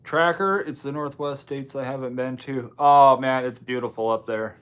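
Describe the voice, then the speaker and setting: A man's voice: medium pitch, normal speed, fairly bright tone, clear, resonant tone. A man hosting a casual livestream, reading viewer comments and answering in a loose, offhand way with dry asides. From Washington State, US. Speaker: livestream host.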